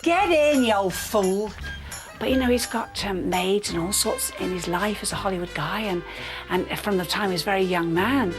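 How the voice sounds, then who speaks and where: A woman's voice: medium pitch, moderate pace. A woman with a bossy, teasing, theatrical way of bantering. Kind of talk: reality show banter. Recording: reality clips under music.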